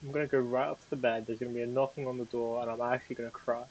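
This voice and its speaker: A man's voice: medium pitch, flat delivery, racing, darkish tone, muffled recording, a little hiss or hum. A man giving jumpy, swearing commentary while playing a horror game, talking to himself nervously. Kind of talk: let's play commentary.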